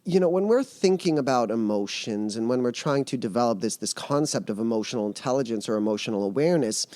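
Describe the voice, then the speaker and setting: A man's voice: medium pitch, animated, fast, darkish tone, dry recording. A man who mentors people on emotions, speaking earnestly in a podcast interview and explaining his ideas through vivid metaphors.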